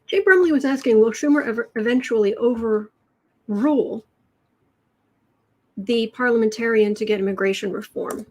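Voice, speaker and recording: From a home room with adjustable lighting, a Chicago woman with a slightly high voice hosts a live tarot reading at normal speed, pausing often. As a tarot and astrology streamer she answers chat questions in a chatty, wry way, frequently trailing off and starting over.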